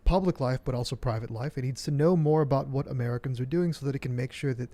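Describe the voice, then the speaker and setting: A man appearing as a guest commentator on a talk show, making a measured argument in a dry, sarcastic way. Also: medium pitch, dark tone.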